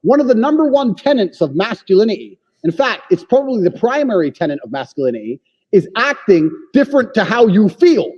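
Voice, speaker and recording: A man speaking high and lively, his voice dark and husky as he hammers home blunt, profane opinions. The sound is dull and lo-fi with a long reverb tail, like a big room. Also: a little fast. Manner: forceful, profane, lectures with emphatic claims. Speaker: podcast guest.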